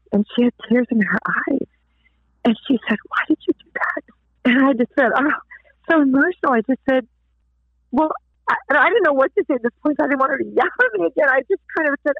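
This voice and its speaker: A woman guest telling a faith story in an interview, animated, acting out the people she quotes. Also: on the high side, dry recording. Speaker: guest author. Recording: tinny phone line.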